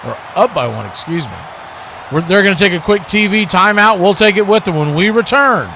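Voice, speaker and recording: A man giving live football play-by-play as the announcer of a watch-party stream. He calls each play briskly and his voice jumps up on big moments. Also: sits high, lively intonation, background noise. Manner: brisk, calls plays as they happen, rises sharply on big plays.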